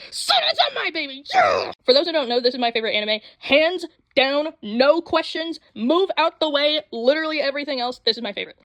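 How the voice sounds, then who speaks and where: A young woman rambling excitedly about anime in a casual vlog, full of fillers and sudden jumps in voice. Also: on the high side, dry recording. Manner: rambling, excitable, with frequent fillers and quick voice switches. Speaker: anime vlogger. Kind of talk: casual chat. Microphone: phone mic.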